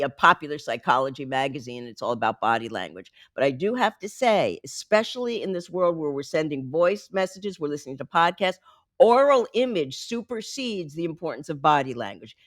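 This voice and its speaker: Woman communication coach, podcast guest; emphatic, animated delivery, dry studio sound. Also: on the low side, dry recording. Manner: lively, emphatic, teaching by example. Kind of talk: podcast interview.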